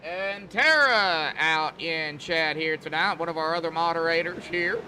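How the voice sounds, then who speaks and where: A man's voice: on the high side, a little slow, bright, forceful tone, a little hiss or hum. A man commenting on an online sim race as host, chatty and folksy, talking to drivers like buddies. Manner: chatty, folksy, calls people buddy. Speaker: race broadcaster.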